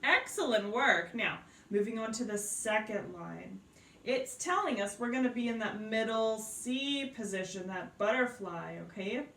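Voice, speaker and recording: A woman's voice: mid-range voice, a bit bright. A woman teaching a beginner piano lesson, explaining patiently, counting aloud and checking in with her students. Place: indoors at a piano. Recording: roomy sound from off-mic, piano behind.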